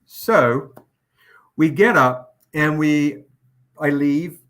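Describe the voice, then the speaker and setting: Man, bright forceful voice, lively swearing storyteller, casual livestream host. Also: on the high side, extremely slow. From England. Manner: animated, profane anecdote-telling. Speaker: comic publisher hosting a livestream.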